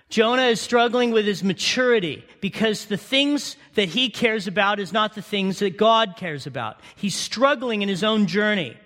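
A man's voice: high voice, pushed and bright. A man preaching a sermon with impassioned storytelling and repeated rhetorical questions, recorded in a church sanctuary. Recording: long reverb of a large hall.

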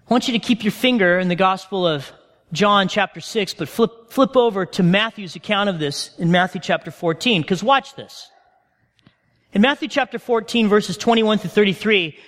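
A man with an unusually high voice delivers a sermon from the pulpit, and the words ring out with the long echo of a big church hall. He preaches as a pastor and tells the story in a lively way, calling the congregation friends. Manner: animated storytelling, addresses listeners as friends. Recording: long reverb of a large hall.

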